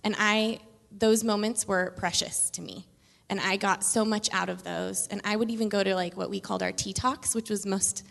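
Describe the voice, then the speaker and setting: A woman in her thirties, a children's pastor, telling chatty, expressive stories on stage in a church. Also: mid-range voice, normal speed, gravelly. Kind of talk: casual stage conversation in church. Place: church sanctuary. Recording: long reverb of a large hall.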